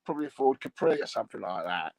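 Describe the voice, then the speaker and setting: Gravelly, bawdy man rambling. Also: mid-range voice, animated, rapid-fire, no echo, low-quality recording. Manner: bawdy, chuckling, meandering. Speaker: comic monologue host. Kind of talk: rambling crude comic chat.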